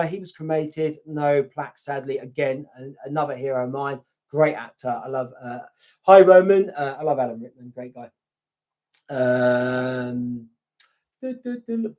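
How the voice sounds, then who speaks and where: A middle-aged man hosting a casual live stream, chatting and reading viewer comments out loud, humming fillers and swearing bluntly. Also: mid-range voice. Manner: chatty, meandering, hums fillers while reading. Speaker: YouTube channel host.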